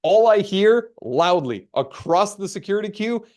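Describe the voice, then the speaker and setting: A man giving a webinar keynote, telling a story with dramatic pauses and acting out the dialogue. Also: high voice, lively intonation, a little mellow. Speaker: keynote speaker. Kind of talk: storytelling talk.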